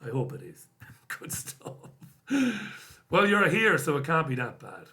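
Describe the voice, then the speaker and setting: A man's voice: a little high, big pitch swings, a little fast, pushed and bright. A man hosting a live stream, reading out viewer comments and answering them bluntly, swearing now and then. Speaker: host.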